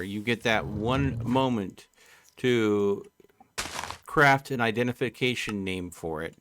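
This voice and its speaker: A man's voice: on the low side, a bit bright, a little hiss or hum. A man on a live game stream, chatting casually and thinking aloud as he plays. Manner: slow, thinking aloud while playing. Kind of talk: casual live gameplay chat.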